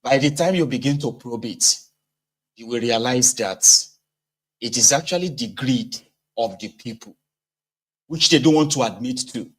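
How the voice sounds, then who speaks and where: A man's voice: medium pitch, moderate pace, pauses often, fairly bright tone, husky, low-quality recording. A man with a Nigerian accent giving casual political commentary, talking conversationally and asking rhetorical questions.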